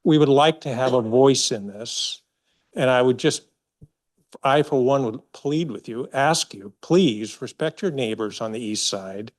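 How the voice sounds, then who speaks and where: An older man giving public comment at a town council meeting, earnest and pleading, halting with fillers, speaking into a podium microphone in a council chamber. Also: medium pitch.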